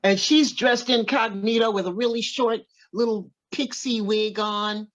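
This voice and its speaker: Older woman telling an animated story. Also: fairly high pitch, normal speed, muffled recording. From Oklahoma, USA. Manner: animated, acts out other people's lines while telling a story. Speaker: guest, professional singer. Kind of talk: casual interview storytelling.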